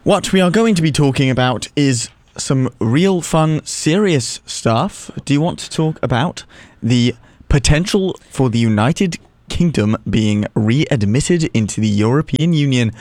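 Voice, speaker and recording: A man's voice: mid-range voice, lively intonation, measured pace, darkish tone, no echo. Young male college radio host. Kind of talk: radio announcing and casual banter. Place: radio studio.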